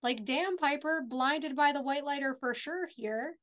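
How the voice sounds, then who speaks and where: A woman's voice: high-pitched, a little slow, fairly bright tone. A woman co-hosting a podcast, casually retelling TV scenes step by step. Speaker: podcast co-host. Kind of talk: casual recap chat.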